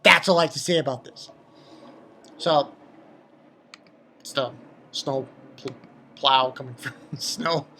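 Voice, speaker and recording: A man talks through a cartoon episode in a loose, unscripted recap, getting worked up and cursing as he goes. His voice has a bright, forward ring, and he trips over himself with repeated words and "um"s. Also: mid-range voice, takes it slowly, pauses often. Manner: excitable, swears, many restarts and fillers. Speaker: anime reviewer. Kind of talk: casual episode recap and review.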